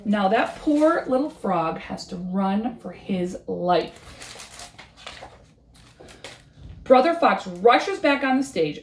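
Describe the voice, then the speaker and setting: Expressive woman reading a bedtime story. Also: medium pitch, slow pace, long pauses, reverberant, slight background noise. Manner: expressive, rhythmic.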